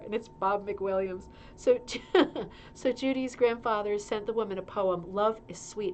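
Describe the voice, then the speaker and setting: Woman, middle-aged, casual livestream host, chatty, reading aloud, medium pitch, faint background hum. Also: steady tone, unhurried, a little mellow. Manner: chatty, reads aloud with asides and laughs. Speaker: show host reading a magazine. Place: indoor room with a humming heater.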